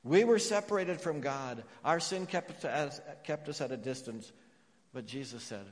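Male pastor, sermon, emphatic then hushed, mid-pitched voice, long hall reverb. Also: measured pace. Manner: emphatic, with hushed repeated phrases.

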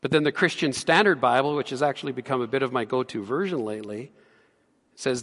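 A pastor preaching a sermon in an earnest way, building to emphatic peaks. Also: male voice, medium pitch, lively intonation, brisk, fairly bright tone. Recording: long hall reverb.

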